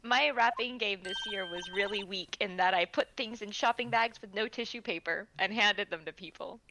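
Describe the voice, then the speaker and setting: A woman's voice: medium pitch, moderate pace, sharp tone, rough recording. A young woman chatting on a game stream, rambling with many fillers and reading game lines aloud. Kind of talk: casual game stream chat.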